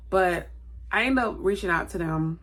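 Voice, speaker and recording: A woman's voice: lowish voice, moderate pace, a bit bright. A woman vlogger telling a personal story in a chatty, rambling way, often correcting herself. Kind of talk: casual storytelling to camera.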